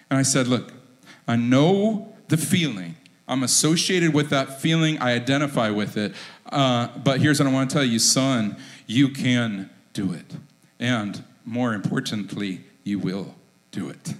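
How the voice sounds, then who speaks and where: A man's voice: mid-range voice, animated, normal speed. A middle-aged man preaching a sermon as pastor, joking and quizzing the congregation.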